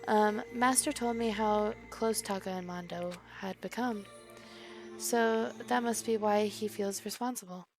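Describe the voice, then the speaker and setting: A gentle, polite computer program with a boy's personality, voiced by a woman reading a video game. It talks softly and carefully, in a mid-pitched voice. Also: fairly even intonation, a little slow, faint music behind, close to an everyday voice.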